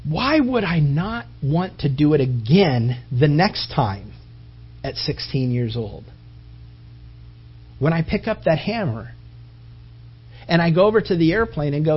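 A man's voice: a little high, expressive, unhurried, long pauses, breathy edge. A man preaching a sermon, telling stories animatedly and acting out voices and sound effects. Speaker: pastor. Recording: dull lo-fi recording.

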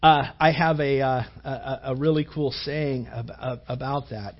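A man's voice: mid-range voice, fairly even intonation, moderate pace, lo-fi sound. A man preaching a sermon to young men, rambling in a chatty way with many fillers and rhetorical questions.

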